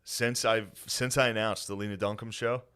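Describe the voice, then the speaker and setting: A man's voice: fairly low pitch, steady tone, moderate pace, a bit bright, clear, resonant tone. A man co-hosting a casual podcast, joking and laughing often in slangy chat. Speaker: podcast co-host.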